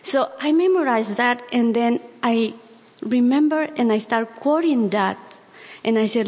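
A woman giving a personal testimony, speaking earnestly and haltingly with many pauses and restarts. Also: a little high, darkish tone, long reverb tail. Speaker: church member giving testimony.

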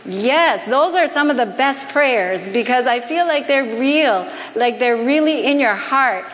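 Preaching to a congregation in a church hall, a health missionary keeps her listeners engaged by posing question after question. She speaks a little slowly in a high, expressive, fairly bright voice. Reverb fills the recording, along with faint background noise.

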